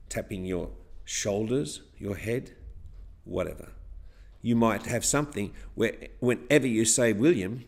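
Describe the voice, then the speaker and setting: A man's voice: medium pitch, creaky. A man teaching a class, guiding the pupils step by step through a chanted rhyme with counts and clapping. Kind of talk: classroom rhythm lesson.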